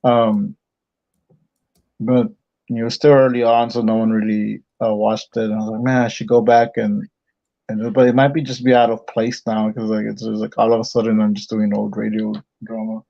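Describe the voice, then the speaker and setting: A man calling in to a livestream who chats casually and haltingly about his comic project. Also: on the low side, flat delivery, vocal fry, mellow, lo-fi sound. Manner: halting, many fillers and restarts. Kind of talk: casual chat on a call.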